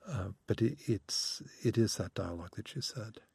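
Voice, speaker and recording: A man talks as a guest in a radio interview with a low, husky voice. He is earnest but hesitant and often restarts his sentences. The recording is dry and close. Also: moderate pace, mellow, dry recording.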